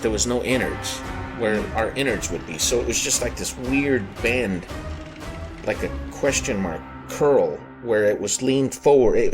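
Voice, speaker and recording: A man hosting a podcast, telling a personal paranormal story in an earnest, halting way, often circling back to rephrase himself. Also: medium pitch. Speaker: podcast host. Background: background music.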